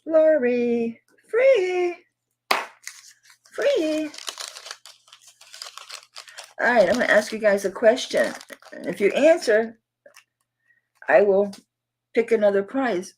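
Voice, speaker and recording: On a rough, low-quality recording, a middle-aged Southern woman runs a live jewelry auction and chats warmly and casually with her viewers. Her voice sits in the mid-range and has a slightly rough texture.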